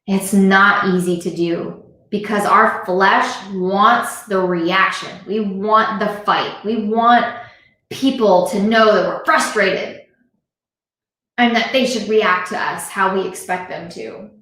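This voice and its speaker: Speaking slowly in a sharp, mid-range voice, a woman delivers an earnest motivational talk on a live stream. The device camera captures very echoey room sound as she addresses her viewers directly, repeating points for emphasis.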